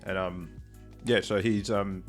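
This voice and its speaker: A young man with a lowish voice chats casually on a podcast and rambles through a story, padding it with ums and uhs. Faint music plays underneath. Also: fairly even intonation, unhurried. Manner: rambling, filler-heavy storytelling. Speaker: podcast co-host. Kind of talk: casual chat.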